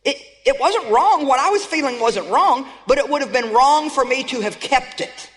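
A woman's voice: high voice, expressive, normal speed. An emphatic woman preacher delivers a sermon and keeps calling on her audience to answer back. Her voice carries with a long, ringing reverb from a large auditorium. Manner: emphatic, calls for audience response.

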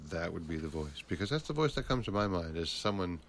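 A man co-hosting a casual chat, rambling and animated as he tells stories. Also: low voice, fast talker, few pauses, a little hiss or hum.

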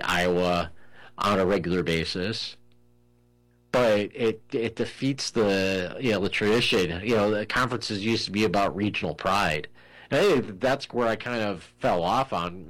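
Man, very low voice, casual sports-talk host, loose and rambling, leans heavily on fillers. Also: a bit bright, low-quality recording. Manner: rambling, heavy use of "you know" fillers; thinks aloud with frequent restarts.

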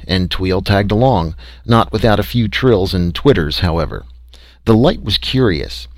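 A man's voice: low voice, no echo. A man reading a first-person story aloud in a wry, conversational manner. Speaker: audiobook narrator.

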